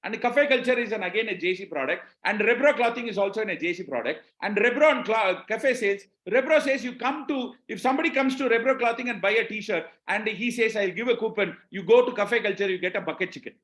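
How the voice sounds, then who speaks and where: A man's voice: sits high, lively intonation, fast, hardly any pauses, a bit bright, reverberant. A man from Tamil Nadu with an Indian English accent, giving a business training talk, repeating points and often checking that the audience is with him. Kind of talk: live webinar talk.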